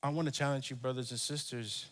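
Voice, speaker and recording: A man's voice: medium pitch, fairly even intonation, fast. A man preaching a sermon, telling a personal story and acting out his own cries and prayers. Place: church.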